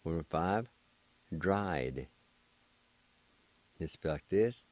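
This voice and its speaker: A man hosting a language lesson, patiently spelling and pronouncing each word slowly and more than once, and encouraging his listeners. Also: sits low, animated, darkish tone, no room sound. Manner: slow, deliberate spelling and repeated pronunciation. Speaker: language teacher and host.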